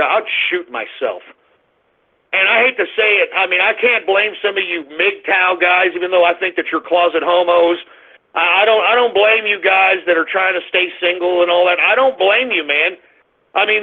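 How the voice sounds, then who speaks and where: Ranting high-voiced man, tinny phone-line sound. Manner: angry, ranting, often shouting. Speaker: radio show host. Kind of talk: ranting radio monologue.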